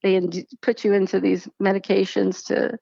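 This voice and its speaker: A woman's voice: medium pitch, moderate pace, gravelly, slightly rough, dry recording, muffled recording. A woman, probably in her thirties, telling her personal story in casual conversation and acting out the voices of the people she quotes. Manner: animated storytelling, acts out quoted speech.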